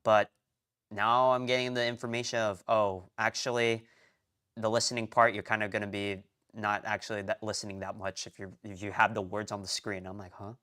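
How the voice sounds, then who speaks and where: A man's voice: lowish voice, flat delivery, normal speed, long pauses, pushed and bright. Rambling, muttering young man streamer. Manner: rambling, talks to himself, many restarts and mutters. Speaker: streamer studying a language. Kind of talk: casual live-stream chatter.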